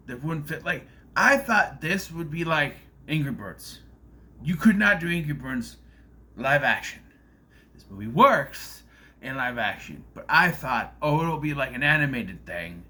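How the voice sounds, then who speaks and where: Lively bright-voiced man rambling a review. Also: on the high side. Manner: rambling, animated, self-interrupting. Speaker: video reviewer. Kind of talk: casual movie review monologue.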